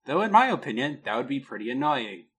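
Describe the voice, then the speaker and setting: A man co-hosting a casual podcast, telling a product story with a lot of pitch movement and laughing at his own jokes. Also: big pitch swings, fast, a bit bright, husky. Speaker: podcast co-host.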